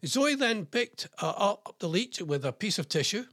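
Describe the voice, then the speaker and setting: A British man hosts a radio show in a husky, fairly high voice that swings up and down a lot. He rambles through listener messages and quirky news with plenty of fillers and jokey asides, recorded dry and close on the mic. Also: very animated, normal speed, a bit bright, no room sound. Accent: British English. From England.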